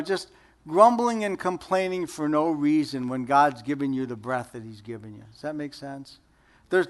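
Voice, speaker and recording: A middle-aged man preaching a conversational sermon, joking and asking the audience questions. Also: fairly high pitch. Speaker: pastor.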